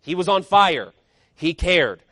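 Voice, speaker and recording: High-voiced fiery male preacher. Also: sing-song, slow pace, bright, forceful tone, no room sound, clean studio sound. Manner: emphatic, fiery preaching with rhetorical questions. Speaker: pastor. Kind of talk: sermon.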